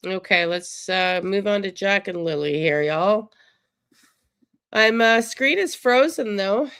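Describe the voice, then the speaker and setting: A woman's voice: medium pitch, animated, slow pace, fairly bright tone, clear, resonant tone, no echo, clean studio sound. A woman hosting a casual live stream, chatty and sympathetic as she answers viewer chat aloud. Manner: emotional, sympathetic. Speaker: livestream host.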